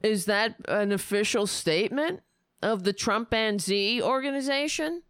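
A woman delivering angry, sarcastic political commentary, ranting heatedly with profanity and sudden loud bursts. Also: mid-range voice, lively intonation, unhurried, clear, resonant tone, no room sound, clean studio sound.

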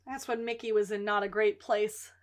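A woman co-hosting a podcast, recapping episodes in casual chat and acting out the characters' lines with animated storytelling. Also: mid-range voice, normal speed. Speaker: podcast co-host recapping a TV series.

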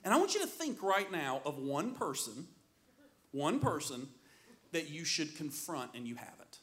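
A middle-aged man preaching a sermon as pastor, in an animated, joking storytelling manner. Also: a little high, normal speed.

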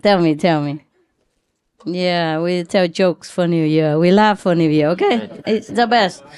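A woman spiritual teacher speaking informally to her disciples, playful and joking. She talks slowly with plenty of pauses, and her voice is dry and close with no room around it. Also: fairly low pitch, darkish tone, smooth, no room sound. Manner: playful, laughing, telling jokes.

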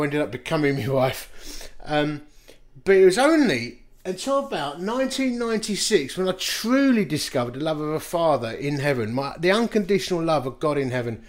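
With a fairly high-pitched voice, this fifty-something pastor races through his sermon, laughing along with his own self-deprecating anecdotes.

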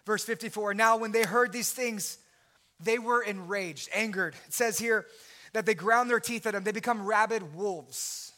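Bright-voiced impassioned male preacher. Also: high voice, normal speed. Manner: impassioned preaching, rising to shouts. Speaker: pastor. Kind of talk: sermon.

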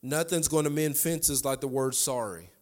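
A man's voice: on the high side, normal speed, darkish tone. A man, preaching a sermon to a congregation and repeating key lines for emphasis. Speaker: pastor. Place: church sanctuary.

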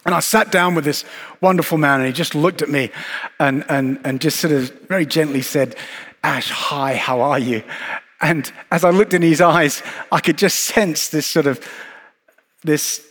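A man preaching a sermon in an earnest, reflective way, with measured pauses and repeated phrases. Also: on the high side, fairly bright tone. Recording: long hall reverb.

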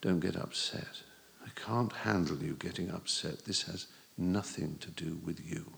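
A man's voice: deep voice, normal speed, vocal fry, long reverb tail. A tired, bruised schoolteacher, as a male reader voices her. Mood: weary. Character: weary, bruised woman teacher, flat and tired.

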